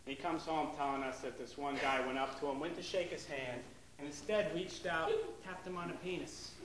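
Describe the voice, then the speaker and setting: A man's voice: a little high, steady tone, brisk. A young man from the Boston area doing stand-up with a wry, conversational delivery. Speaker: stand-up comedian. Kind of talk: stand-up storytelling. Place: comedy club. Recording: echoey room with loud crowd laughter.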